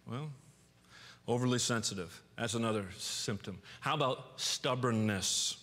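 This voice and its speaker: A man preaching a sermon in a church, animated, acting out angry outbursts and often restarting his words. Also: mid-range voice, moderate pace. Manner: animated, acts out angry quotes with sudden loud outbursts; frequent restarts and repeated words. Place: church sanctuary. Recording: long church reverb.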